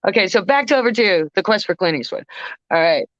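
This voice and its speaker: A woman who is a guest vocalist, telling a story on a casual podcast in an animated way, with swearing and frequent restarts. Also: medium pitch, fast talker, no echo, muffled recording. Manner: animated, swearing, self-interrupting.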